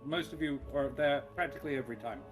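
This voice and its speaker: A man's voice: on the high side, fast, faint music behind. Chatty, jokey man. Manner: jokey, rambling, laughs often. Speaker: player. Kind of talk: casual pre-game chat.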